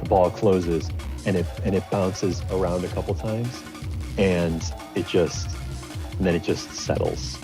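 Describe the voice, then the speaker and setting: A man's voice: sits low, fairly even intonation, measured pace, over music. A man narrating as game master of a tabletop game, rambling with many fillers.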